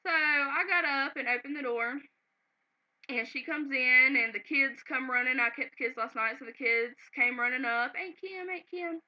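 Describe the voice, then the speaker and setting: A woman's voice: sits high, fairly even intonation, normal speed. A woman telling a personal story to her camera at home, earnest and sometimes close to tears. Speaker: vlogger. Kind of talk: casual emotional storytelling to camera. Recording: slightly dull, lo-fi home video.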